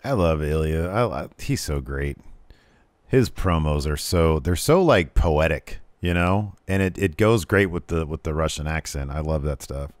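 A man co-hosting a podcast, casually recapping a wrestling show and breaking into loud, exaggerated impressions when he quotes the wrestlers. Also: very deep voice, lively intonation, normal speed, no echo. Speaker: podcast co-host.

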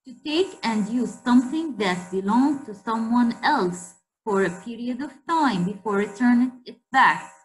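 A fairly high-pitched, animated woman gives her class a spelling lesson, going over each word slowly and emphatically and pausing for questions to the class. The recording is rough.

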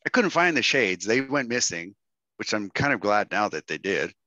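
A man's voice: lowish voice, sing-song, moderate pace, bright, forceful tone, no echo, low-quality recording. A man telling a casual, joking story to an online workshop audience. He often tags lines with "right?" and "dude" and acts out other people's words. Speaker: guest speaker at an online workshop.

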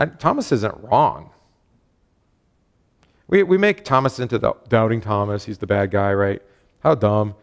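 A man's voice: medium pitch, vocal fry. A man, a pastor, leading a casual Bible study, chatty and self-correcting, reading scripture aloud with emphasis.

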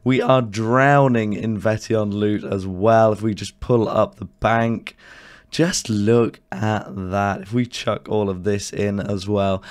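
A young man with a hoarse, worn voice, commenting excitedly on his own gameplay and cursing at his bad luck. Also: lowish voice, takes it slowly. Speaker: gaming video creator.

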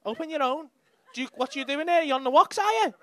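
Young man, Liverpool accent, high voice, stand-up crowd work, brash and sweary, mocking banter, club stage mic. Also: expressive, quick pace, a bit bright. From England. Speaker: stand-up comedian.

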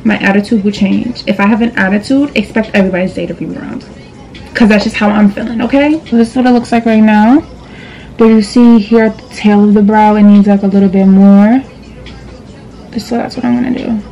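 Sassy young woman, mellow voice. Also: medium pitch, steady tone, a little fast, a little hiss or hum, poor audio. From New York. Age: young adult. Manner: sassy, direct, calls viewers girl and boo. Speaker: beauty vlogger. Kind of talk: casual makeup tutorial chat. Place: indoors at a vanity.

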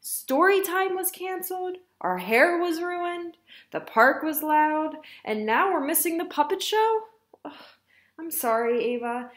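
A fretful, loving young mother from a picture book, as a woman reading aloud puts her on. She speaks high and lively, with a dramatic, sing-song lilt. The voice rings in an echoey room.

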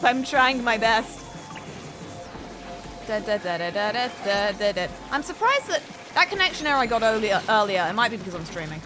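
A woman's voice: a little high, sing-song, normal speed, rough recording. Woman, gameplay streamer, playful, giggly, foul-mouthed, game music behind. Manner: playful, giggly, swears often. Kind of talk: casual gameplay commentary.

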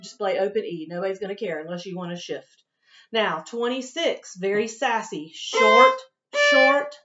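A woman's voice: mid-range voice, normal speed, over loud music. A woman teaching violin to her students, talking them through tricky passages in a patient, encouraging way and often checking in with "okay?". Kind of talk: instrument lesson, talking students through a piece. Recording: dull home recording with violin playing.

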